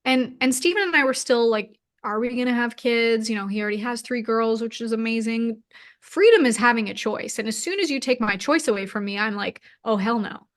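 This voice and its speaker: This interview guest, a woman in her thirties, talks fairly quickly in a higher voice with lively intonation. Sharing a personal story, she's open and emotional and leans heavily on "like."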